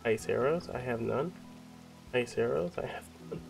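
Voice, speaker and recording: A man's voice: medium pitch, moderate pace, vocal fry, over music. A man casually commenting while streaming a video game live, joking and talking to himself.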